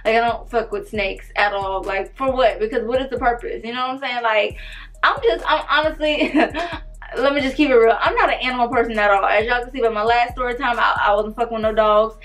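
A young woman, telling a story in a loud, animated, profane way. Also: on the high side, brisk, faint music behind. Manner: animated, profane, dramatic retelling. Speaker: storytime vlogger. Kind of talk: casual storytime.

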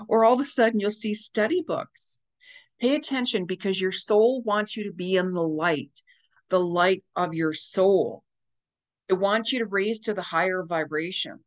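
A woman's voice: mid-range voice, normal speed. A woman psychic medium giving a casual astrology forecast, gushing and repetitive in a spiritual tone.

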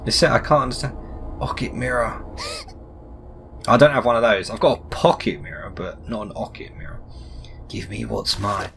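A man's voice: mid-range voice, moderate pace, creaky, pauses often, sharp tone, a little hiss or hum. A young man doing let's play commentary on a game, asking puzzled running questions and reading the characters' lines aloud. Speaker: gaming YouTuber.

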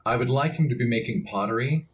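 A man's voice: medium pitch, fast, heavy background noise. A man, a voice actor, talking casually as a podcast guest, a laid-back storyteller who chuckles often.

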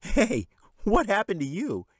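A man voicing an excitable young boy who gasps in amazement, in a storybook reading. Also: high-pitched, a little slow, no room sound, studio quality, voice pushed up, heavily acted. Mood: curious. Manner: exclamatory, wide-eyed.

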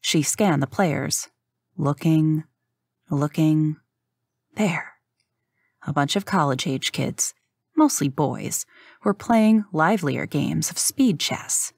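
A woman narrating an audiobook in a measured, even storytelling manner. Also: deep voice, gravelly, husky, no echo, clean studio sound.

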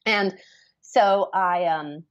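A woman's voice: lowish voice, drawn-out words, dry recording. Chatty woman author, dull dry sound. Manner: chatty, animated, laughs often. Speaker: author guest. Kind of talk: casual interview chat.

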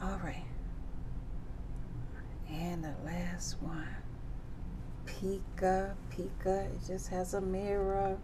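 A woman's voice: on the low side, little pitch movement, very slow, long pauses, noisy background. A woman teaching circle time to young children, singing nursery songs and reading a picture book with playful animal sounds. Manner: playful, sing-song, animal sounds and big exclamations.

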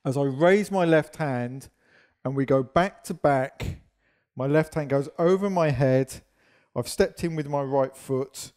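A man's voice: on the high side, unhurried, darkish tone. A man teaching a partner dance, explaining steps and counting beats in a chatty, self-deprecating way while losing his voice.

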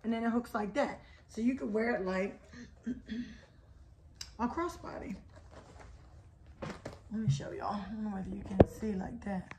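A woman hosting a casual haul video, chatty and talking straight to her viewers, her voice a little hoarse today. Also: medium pitch, a little slow, pauses often, noisy background. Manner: chatty, keeps addressing viewers as y'all. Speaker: haul vlog host. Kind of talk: casual product haul chat.

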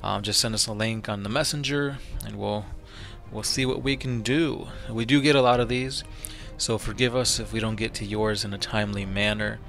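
A man's voice: on the low side, fairly even intonation, normal speed, vocal fry, fairly bright tone, soft background music. A man hosting a channel, reading fan-written lore and closing with a casual sign-off. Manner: casual, filler-heavy sign-off. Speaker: channel host, lore reader.

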